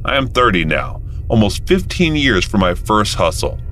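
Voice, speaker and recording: A man narrating a first-person story in a calm, matter-of-fact way. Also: fairly low pitch, moderate pace, slight background noise.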